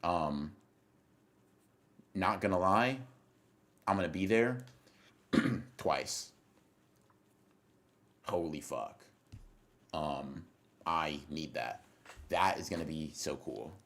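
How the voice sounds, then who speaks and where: A man's voice: extremely low pitch, extremely slow, pauses often, fairly bright tone. A young man livestreaming, chatting casually with his viewers in a rambling, profane way that keeps interrupting itself as he reacts to chat.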